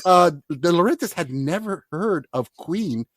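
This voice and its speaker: A man's voice: high voice, expressive, unhurried. A man hosting a casual movie podcast, telling stories with lots of fillers and restarts. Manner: storytelling, hesitant with many fillers. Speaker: podcast host.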